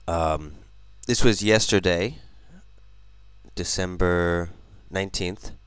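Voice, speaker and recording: A man's voice: sits low, slow pace, smooth, no room sound. A man narrating his vlog casually, explaining things step by step. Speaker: vlogger.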